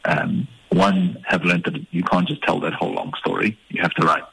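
Guy, deep fry-ish voice, bright and a bit raspy, laid back comedian on the radio. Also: moderate pace, poor audio. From Eastern Cape, South Africa. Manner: relaxed, hesitant, self-deprecating. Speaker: stand-up comedian guest. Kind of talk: radio interview. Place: radio studio.

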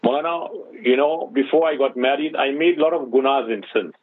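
Husky man preaching over a tinny phone line. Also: mid-range voice, fairly quick, dry recording. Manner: preaching, rhetorical questions. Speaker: radio host. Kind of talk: radio Islamic advice talk.

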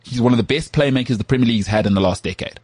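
A man co-hosting a podcast, talking football in an animated, joking way. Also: medium pitch, slightly rough, no echo. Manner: animated, jokey, does quick impressions of others. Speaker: podcast co-host. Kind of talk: casual sports chat.

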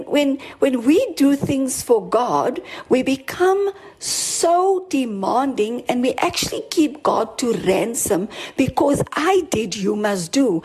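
A woman's voice: high-pitched, a little mellow, breathy edge, rough recording. A woman preaching a sermon, telling her own story earnestly, repeating herself as she stresses her points. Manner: earnest, with restarts and rising emphasis. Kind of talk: sermon with personal testimony.

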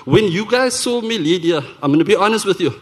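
A South African man telling his testimony from the pulpit, his voice sitting a little high for a man. He tells it as an earnest, animated story, often stumbling and restarting his sentences as he goes. It has the feel of a church service. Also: a little fast. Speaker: worship leader giving a testimony. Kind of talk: sermon testimony told as a story.

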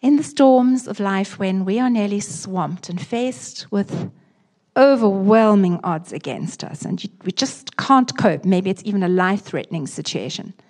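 Woman pastor, husky tone, emphatic sermon delivery that sinks to hushed prayer. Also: medium pitch, measured pace. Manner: expressive, shifting from lively emphasis to soft hushed prayer. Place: church.

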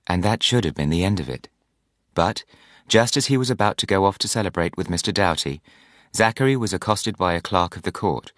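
A man with a very deep voice reads a novel aloud in measured, scripted narration. The recording is dry and close, with no room sound. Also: a bit bright, no room sound. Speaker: audiobook narrator.

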